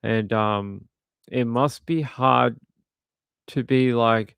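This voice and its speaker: A man with a gravelly, creaky edge comments on true crime footage in a rambling, indignant way. His voice is smooth and resonant, and the recording is close and dry. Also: mid-range voice, drawn-out words, a bit bright, dry recording. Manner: rambling and indignant, with frequent restarts. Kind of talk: casual commentary while watching videos.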